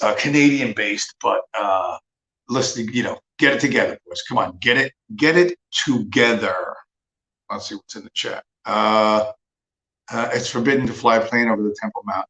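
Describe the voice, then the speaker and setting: A man's voice: medium pitch, fairly bright tone. Profane ranting man in echoey room. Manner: profane, sarcastic, mocking. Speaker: livestream host. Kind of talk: casual ranting monologue.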